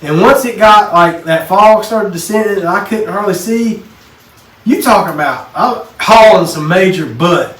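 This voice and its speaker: Casting note: man, podcast co-host, somewhat high voice, animated storyteller, roomy distant mic. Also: normal speed. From Texas. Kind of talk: casual chat. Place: basement. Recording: echoey room, mic at a distance, faint noise.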